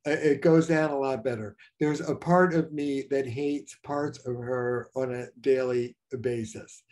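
Frank older man, dark mellow voice. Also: mid-range voice, steady tone, measured pace. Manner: frank, storytelling, frequent restarts and fillers. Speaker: marriage therapist, guest. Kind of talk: casual interview talk.

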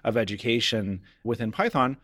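A man's voice: medium pitch, normal speed, fairly bright tone, dry recording, studio quality. A man co-hosting a coding-education podcast, welcoming listeners and guests in an upbeat, casual way. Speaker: podcast co-host; coder who teaches.

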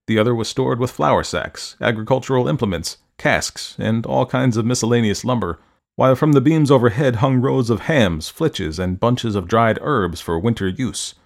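A man narrating a Victorian ghost story in a measured, dramatic reading style. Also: mid-range voice, creaky, low-quality recording. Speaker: audiobook narrator.

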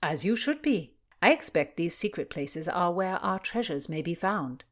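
A woman's voice: fairly low pitch, animated, moderate pace. Woman voicing Philomena, a saucy bold merchant's daughter. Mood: settled. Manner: playful, bold, teasing.

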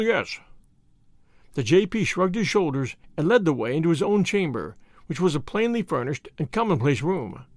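Animated male storyteller, dry close sound. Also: on the high side, no echo. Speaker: audiobook narrator. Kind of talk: storytelling narration.

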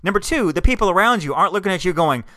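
Fast, bright-voiced man ranting. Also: high-pitched, no room sound. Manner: animated, opinionated ranting. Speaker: podcast co-host. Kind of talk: casual chat.

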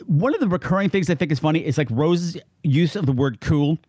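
A man co-hosting a podcast, chatting casually and jokily, with quick asides in comic voices. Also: fairly high pitch, no echo, studio quality. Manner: jokey, animated, slips into comic voices. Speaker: podcast co-host. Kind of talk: casual chat.

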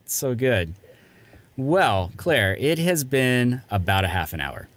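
A man's voice: medium pitch, sing-song, slow pace, fairly bright tone, no echo. A man hosting a comedy podcast, chatting casually and plugging things in an upbeat, self-deprecating way. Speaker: podcast host. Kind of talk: casual podcast chat and promo.

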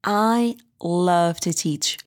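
Host: upbeat woman, slight French accent, a bit low-pitched, encouraging faith podcast talk. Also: extremely slow. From France.

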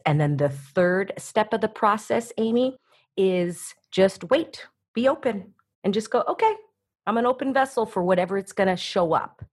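A woman talking as an interview guest, energetic and coaching, often slipping into little acted-out voices. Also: medium pitch, unhurried, slightly rough. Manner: energetic, acts out voices in quotes. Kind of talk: animated interview talk.

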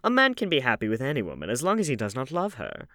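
A man reading an audiobook, voicing a witty, cynical aristocratic gentleman with languid epigrams. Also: medium pitch, huge pitch swings, quick pace, no room sound, studio quality, pitched above the performer's own voice, exaggerated voice. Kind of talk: audiobook character voice.

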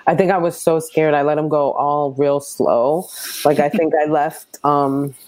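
A woman stand-up comic talking as an interview guest, animated and quick as she tells her stories. Her voice sits at an ordinary pitch. The sound is dry, with no room echo. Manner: animated storyteller, quick, laughs often. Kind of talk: casual interview chat.

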